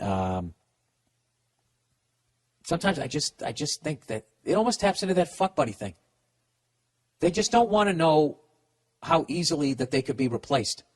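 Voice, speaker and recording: A man hosting a podcast, giving blunt comedic advice in a profane rant full of stammered restarts. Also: medium pitch. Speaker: podcast host.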